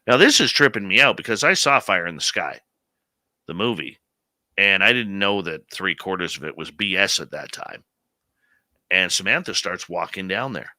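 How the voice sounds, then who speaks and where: A man in his late forties hosting a live radio show, telling a story in an animated, conversational way. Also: low voice, moderate pace, no room sound. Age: late 40s.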